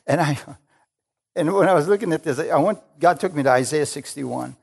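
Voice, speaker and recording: A man's voice: fairly high pitch, fairly quick, creaky, husky. A middle-aged male pastor preaching a sermon, emphatic and conversational, often asking the congregation for an amen. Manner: emphatic, calls for amens, acts out Jesus with excitement.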